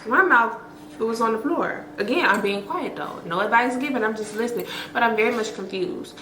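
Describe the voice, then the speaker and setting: A woman's voice: a little high, a little fast, reverberant, slight background noise, low-quality recording. A woman vlogger telling a story to her viewers in a chatty, slangy, profane way, full of fillers and acted-out quotes. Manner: expressive, acts out quotes.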